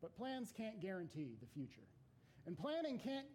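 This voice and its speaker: A man who teaches Bible classes giving an unhurried, reflective devotional talk to a gathering, with hesitant fillers. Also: sits high, very animated, darkish tone, a little hiss or hum.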